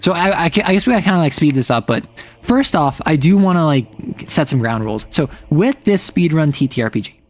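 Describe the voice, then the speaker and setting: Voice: mid-range voice, lively intonation, fairly quick, darkish tone. A young adult livestreamer chatting casually at home, rambling with fillers and self-corrections. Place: home room with roommates nearby.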